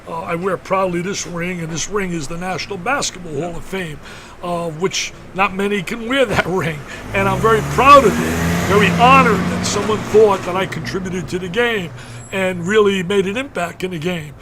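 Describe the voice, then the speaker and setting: An older basketball broadcaster, interviewed on the radio, tells an emotional story in a high-pitched voice at a moderate pace over a noisy background. He speaks emphatically and fervently, repeating words for force.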